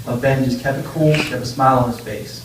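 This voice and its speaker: A man's voice: medium pitch, steady tone, a little fast. A young man giving an informal memorial speech, telling fond, rambling stories with many fillers and laughs. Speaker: eulogy speaker. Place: memorial gathering room. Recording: echoey room, voice far from mic, faint noise.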